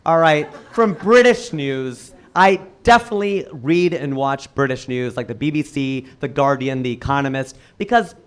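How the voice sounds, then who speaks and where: A man doing a stand-up comedy set for a live audience, firing off quick punchlines with sudden leaps in pitch. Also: smooth. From United States. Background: audience laughter.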